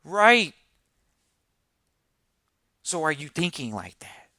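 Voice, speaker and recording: A man hosting a live podcast in casual talk, animated and repeating phrases for emphasis. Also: a little high, takes it slowly, no echo. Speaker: podcast host.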